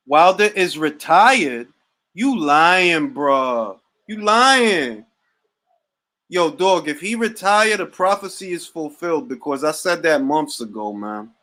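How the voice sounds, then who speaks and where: A man's voice: on the high side, expressive, measured pace, fairly bright tone, rough recording. A man hosting a boxing talk livestream, joking around in casual slang and repeating catchphrases. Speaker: boxing talk show host.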